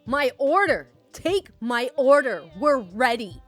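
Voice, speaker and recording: A woman voicing a loud, rude, skinny young man who shouts his demands in a story reading. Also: sits high, very animated, slow, soft background music, pitched above the performer's own voice, exaggerated voice. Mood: angry.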